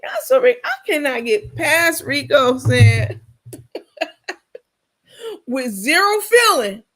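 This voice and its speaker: A woman's voice: sits high, sing-song, slow pace, fairly bright tone. A woman giving casual comedic reaction commentary, sassy and laughing, talking straight to her viewers.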